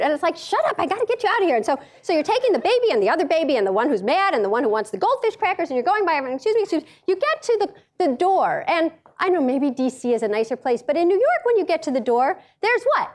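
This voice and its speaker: A middle-aged woman gives a funny talk, her high voice swooping all over as she tells stories. She jokes freely and acts out other people's voices, pacing as she speaks. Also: very animated, fairly quick. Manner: paces while speaking. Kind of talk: humorous storytelling talk.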